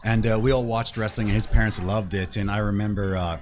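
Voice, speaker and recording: A middle-aged man hosting a casual talk show, relaxed, chatty and full of restarts and yeahs. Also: fairly low pitch, fairly quick. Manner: relaxed, repeats words and restarts often, frequent yeahs. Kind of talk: casual chat.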